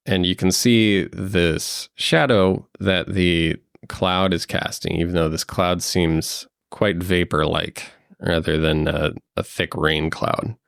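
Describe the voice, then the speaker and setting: Slow gravelly man running a game. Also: low voice, no room sound, studio quality. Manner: hesitant, fills with um and uh. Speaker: game master. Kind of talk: narrating a tabletop game.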